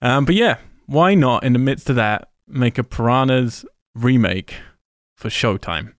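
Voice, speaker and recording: A British man with a London accent speaks at medium pitch, expressive and unhurried, on a dry recording. Co-hosting a podcast in casual chat, he reels off film credits between dry laughs.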